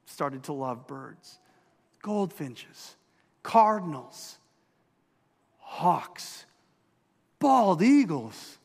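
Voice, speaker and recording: Husky and a little high, this man's voice carries a Minnesotan accent as he preaches, emphatically questioning his congregation like the pastor he is. The sound rings with a long hall reverb.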